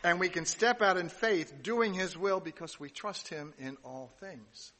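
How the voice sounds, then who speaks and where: A man's voice: high voice, expressive, moderate pace, a bit bright, long reverb tail. A man giving a sermon, reading scripture aloud and adding casual asides, with some restarts along the way. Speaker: pastor.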